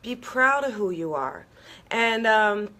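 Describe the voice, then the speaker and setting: Slow and bright, this woman's mid-range voice swings widely in pitch and carries a forceful tone. Hosting a live online motivational talk, she encourages her viewers earnestly and keeps checking in with them.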